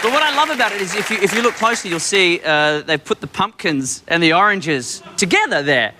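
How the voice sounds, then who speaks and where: A man's voice: sits high, a little fast, few pauses. An Australian man hosting a talk show, delivering a playful comedy monologue in a studio. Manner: playful, animated, jokey. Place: TV studio with live audience. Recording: studio audience laughter and crowd noise.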